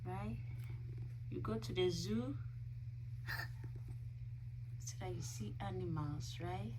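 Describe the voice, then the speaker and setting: A woman's voice: lowish voice, measured pace. A young mother vlogging at home at night, coaxing her toddler to name animals and candidly telling the camera how tired she is. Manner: coaxing, teaching a toddler words. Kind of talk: casual family vlog. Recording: noisy home recording.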